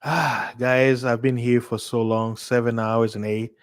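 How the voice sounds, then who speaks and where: A man's voice: mid-range voice, level tone, unhurried. A man hosting a casual livestream, rambling, repeating himself and laughing often. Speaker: livestream host.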